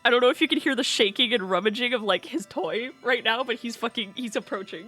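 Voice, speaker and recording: A woman streamer chatting casually and with animation, slipping into high baby talk with her pet bird. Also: fast talker, hardly any pauses, pushed and bright, soft background music.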